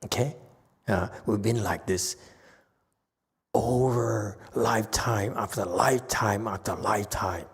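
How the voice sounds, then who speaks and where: A man's voice: on the low side, a little slow, creaky, husky. A man giving a dharma lecture as a Buddhist teacher in a temple hall, talking casually and joking at his own expense. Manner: joking, self-mocking, conversational.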